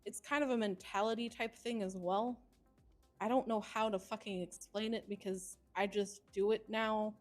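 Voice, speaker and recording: A woman streamer playing a senior police officer, giving relaxed advice and swearing casually. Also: medium pitch, normal speed, soft background music.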